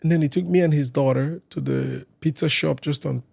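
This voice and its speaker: A man from Nigeria, a singer on a podcast, telling casual stories in a lively way and acting out other people's lines. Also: a little high, a little fast, gravelly. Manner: lively anecdote teller who acts out other people's lines. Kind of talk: casual storytelling chat.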